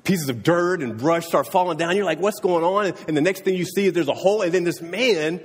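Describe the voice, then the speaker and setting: Husky-voiced man preaching in a reverberant hall. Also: on the high side, quick pace. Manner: conversational, often asking "right?". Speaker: pastor. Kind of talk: sermon.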